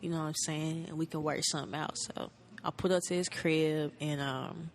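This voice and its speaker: A woman's voice: sits low, steady tone, brisk. A woman in her thirties from North Carolina, a musician guest telling her story in a laid-back way, filling it with "like" and acting out old conversations. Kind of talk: casual storytelling.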